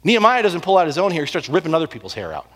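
Preacher guy, kinda high voice, dramatic storytelling, long reverb like a big hall. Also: rapid-fire. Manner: animated storytelling, swings between loud and hushed. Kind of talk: sermon.

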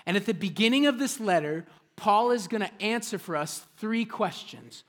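A man preaching a sermon as a pastor, swinging between hushed, intimate asides and loud, excited preaching. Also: sits high, moderate pace.

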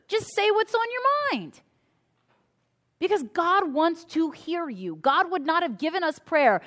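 A woman's voice: high-pitched, a bit bright. A woman pastor preaching a conversational sermon to a congregation, acting out little prayers as she goes. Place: church before a congregation.

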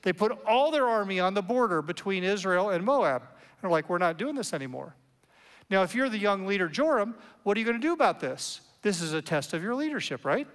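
A man preaching a sermon as a pastor, in an animated, conversational way with playful asides. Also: sits high, brisk, in a large hall. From United States.

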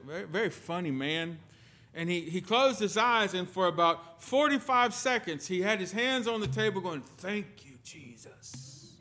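A man preaching a sermon as pastor, telling stories with sudden swings between loud and soft. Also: high-pitched. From lived in the United Kingdom.

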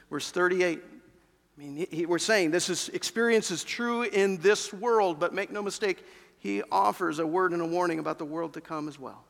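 Gravelly high-voiced preacher in reverberant church. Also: male voice. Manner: conversational, engages the congregation directly. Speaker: pastor. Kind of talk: sermon. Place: church sanctuary. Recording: long reverb of a large church hall.

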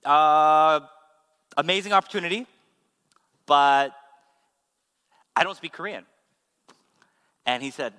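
A man, a pastor, giving a sermon with animated, humorous storytelling. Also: fairly high pitch, unhurried, pauses often, clear, resonant tone. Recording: long hall reverb.

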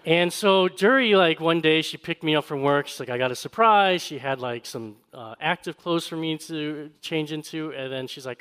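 A man delivers a sermon in a voice pitched a little high for a man. He rises to loud, emphatic questions and then drops into quiet, quick conversational storytelling. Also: smooth. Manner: swings from raised, emphatic preaching to quiet, fast conversational storytelling. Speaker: pastor. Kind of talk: sermon with personal stories.

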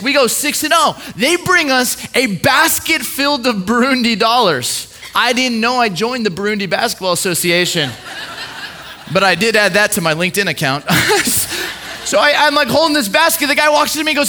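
A young man preaching a sermon through a lively personal story, acting out the voices of people he quotes and often repeating his words as he goes. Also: very high voice, slight background noise.

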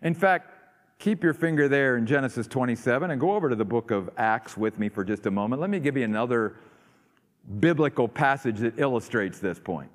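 A man preaching a sermon, rising to loud emphatic peaks and dropping to quiet asides. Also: mid-range voice, expressive, fairly quick. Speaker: pastor. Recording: long hall reverb.

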